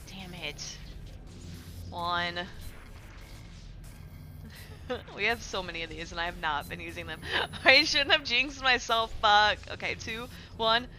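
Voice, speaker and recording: A young woman streams a game from home, chatting loosely with her chat, swearing often and rambling through fillers. Her mid-range voice has a sharp tone, and she speaks slowly with long pauses. Soft music plays in the background.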